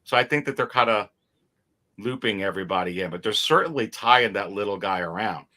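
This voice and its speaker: A man's voice: fairly low pitch, lively intonation, a little fast, pushed and bright. A man chatting animatedly as a guest on a livestream, repeating words and laughing easily over a video call. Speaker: guest toy collector. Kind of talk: casual chat on a livestream.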